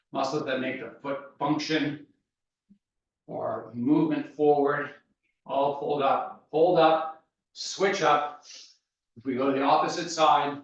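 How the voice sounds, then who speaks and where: A man leading a guided workout with calm, steady coaching cues, out of breath. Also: on the high side. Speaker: fitness instructor. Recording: echoey room, voice from far off, dull sound.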